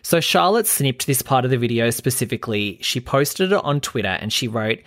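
A man's voice: mid-range voice, expressive, normal speed, few pauses, a bit bright, no echo, clean studio sound. A young Australian man hosting a gossip commentary vlog, sarcastic and throwing shade. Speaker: host.

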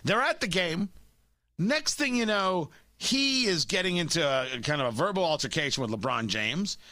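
A man hosting a talk radio show, talking in an animated, opinionated way into a studio microphone. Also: high-pitched, moderate pace, no echo.

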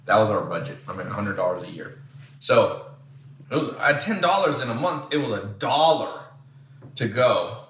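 A man's voice: mid-range voice, lively intonation, normal speed, a bit bright, echoey room, recorded from a distance, a little hiss or hum. A man from San Diego telling blunt, rambling stories as a podcast host in casual chat. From San Diego, USA.

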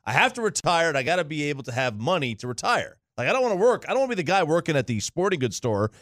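A man in his forties chatting on a radio show, pitched a little high with a bouncy, wide-ranging voice. He mocks himself playfully. The recording is close and dry. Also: sing-song, rapid-fire, no echo. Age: 40s. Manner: playful and self-mocking, bursts into shouts. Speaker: radio host. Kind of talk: casual studio chat. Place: radio studio.

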